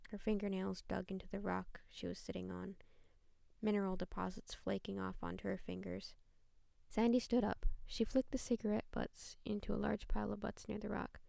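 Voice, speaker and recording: Woman storyteller, horror narration, blunt delivery, strong vocal fry, dry sound. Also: medium pitch, level tone, normal speed, warm tone, no echo.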